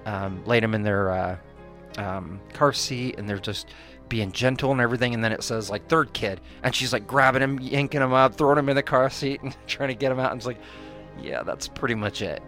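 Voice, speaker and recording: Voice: fairly quick, fairly bright tone, soft background music. A podcast co-host chatting casually, rambling with many fillers and restarts and acting out quoted people. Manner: acts out quoted people in higher voices. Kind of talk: casual chat.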